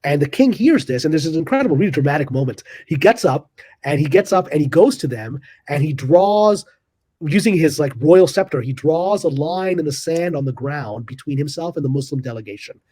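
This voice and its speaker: Husky, animated male storyteller. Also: a little fast, no echo. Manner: acts out quotes with big pitch jumps. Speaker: guest storyteller.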